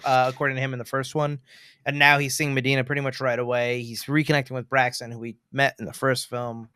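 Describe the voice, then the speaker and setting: A man co-hosting a casual film review podcast, animated and quick to act out lines from the movie. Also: mid-range voice, smooth. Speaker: podcast co-host.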